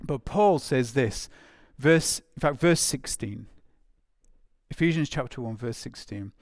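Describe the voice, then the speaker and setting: A man's voice: medium pitch, animated, measured pace, dry recording, clean studio sound. A man preaching a sermon in a conversational way, with frequent fillers and phrases repeated for emphasis.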